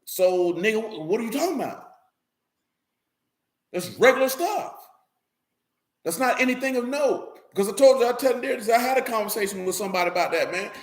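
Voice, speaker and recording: A man's voice: high-pitched, animated, a little fast, long pauses. A man preaching in a casual, conversational way, blunt and streetwise, who keeps checking that his listeners follow him. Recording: roomy echo.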